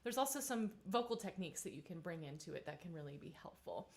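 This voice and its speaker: A woman in her thirties, a vocal coach leading a live-streamed singing warm-up, chatty and encouraging, with many fillers. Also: fairly low pitch, expressive, fast.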